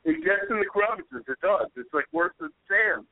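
Animated young guy co-host, tinny and dry. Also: sits high, normal speed, creaky, dry recording. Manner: rambling, animated, yells lines in stories. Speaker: podcast co-host. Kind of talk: casual storytelling chat. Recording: dry, tinny phone-like audio.

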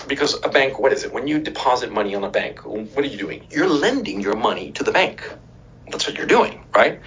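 A husky-voiced man rants through a political commentary monologue with a lively, swooping pitch. He swears freely and keeps checking in with his listener, and the sound is dull and lo-fi. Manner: profane, emphatic, rhetorical asides; checks in with "right?" and "okay?". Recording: dull lo-fi recording.

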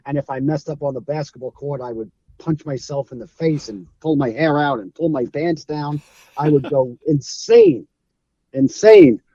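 A middle-aged Brooklyn man with a New York accent, once a streetball player, guests on a casual interview and tells animated stories, voicing the people involved and laughing often. He speaks at normal speed with few pauses, in a voice on the high side. There's no echo, but the sound is lo-fi.

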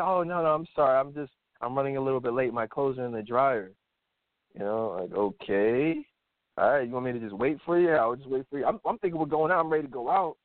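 A blunt, animated man hosts a call-in radio show, giving his opinions and acting out the people in his stories. His voice sits at an ordinary middle pitch. It comes through a tinny, dry phone line. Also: no echo.

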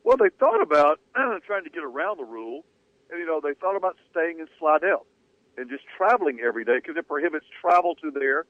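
Man, sports radio co-host, relaxed conversational delivery, slightly high voice, dry phone-like audio. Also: brisk, no echo. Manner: conversational, hedging with fillers. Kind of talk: sports talk radio storytelling.

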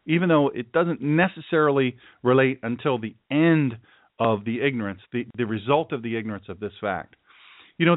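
A man who is a pastor hosting his own show, preaching forcefully and emphatically, often repeating himself for effect. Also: mid-range voice, no room sound. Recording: dry, tinny phone-like sound.

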